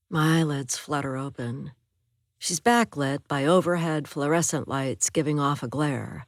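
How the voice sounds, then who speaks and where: A woman narrating an audiobook thriller in the first person, measured and even. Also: sits low, dry recording, clean studio sound.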